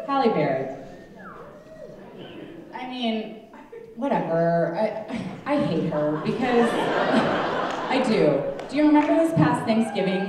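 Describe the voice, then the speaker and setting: A woman in her thirties doing a stand-up comedy set, sarcastic and animated with mock-indignant asides, on a comedy club stage. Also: mid-range voice. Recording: echoey club, distant mic, audience laughter.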